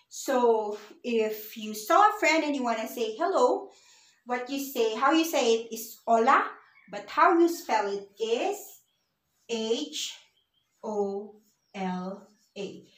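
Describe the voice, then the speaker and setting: A woman's voice: a little high, fairly bright tone, roomy sound, low-quality recording. A woman teaching a beginner Spanish lesson, patiently spelling words out letter by letter.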